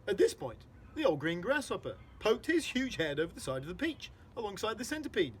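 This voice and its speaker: A man's voice: high voice, sing-song, fairly quick, a little hiss or hum. A man reading a children's storybook aloud, explaining hard words for young listeners.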